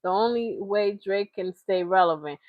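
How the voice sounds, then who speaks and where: A woman's voice: medium pitch, moderate pace, no echo, narrow, tinny audio. A woman hosting a reaction channel, talking in casual, chatty commentary with frequent laughs. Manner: chatty, laughing, slips into mocking impressions.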